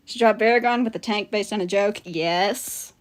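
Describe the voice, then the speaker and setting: A woman's voice: mid-range voice, normal speed. Giggly, chatty woman streamer. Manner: chatty, giggly, self-mocking. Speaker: livestreaming artist. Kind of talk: casual stream chat.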